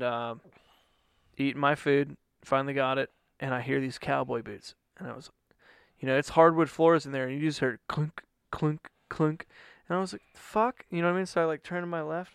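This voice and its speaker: A man's voice: medium pitch, creaky, smooth, no echo, clean studio sound. A young adult man chatting casually on a podcast, telling a rambling, profane story and often adding "you know what I mean".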